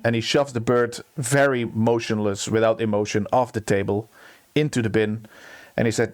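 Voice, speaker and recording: A man's voice: fairly low pitch, steady tone, normal speed. A man acting as game master, narrating a tabletop game with many fillers and restarts. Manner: hesitant, filler-heavy narration.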